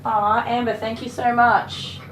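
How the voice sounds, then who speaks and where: A woman dog groomer on a casual livestream, softly praising and soothing a dog and chatting with viewers. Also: on the high side, level tone, measured pace. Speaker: dog groomer streaming live. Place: grooming salon, indoors. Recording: echoey room with loud clipper noise. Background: electric clippers buzzing.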